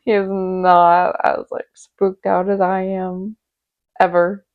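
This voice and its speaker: A young woman reacting to scary videos in casual commentary, giggling and tossing in "like" and quick exclamations. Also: lowish voice, flat delivery, phone-quality sound.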